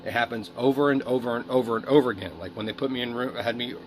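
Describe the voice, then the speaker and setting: A man's voice: mid-range voice, quick pace, slight background noise. A man speaking a rambling, emotional video diary monologue, swearing often. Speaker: video diarist.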